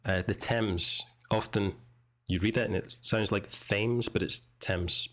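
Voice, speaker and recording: A man from Scotland with a Scottish accent, teaching English in a relaxed, chatty way as he comments on a video. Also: on the low side, moderate pace. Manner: relaxed, chatty, explains pronunciation.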